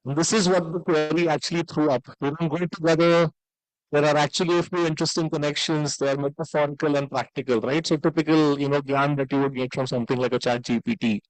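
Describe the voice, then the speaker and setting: A man's voice: a little high, fairly even intonation, fast talker, dry recording, poor audio. A man giving a conference keynote, conversational, with frequent "right?" tags and "uh" fillers. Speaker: conference speaker. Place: conference hall.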